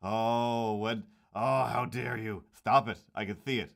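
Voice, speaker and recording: A man's voice: fairly low pitch, fairly even intonation, creaky, fairly bright tone. Rambling joking man drawing on stream. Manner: rambling, jokey mock outrage, slips into quick silly voices. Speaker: comic artist streaming while drawing. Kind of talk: casual chat while drawing.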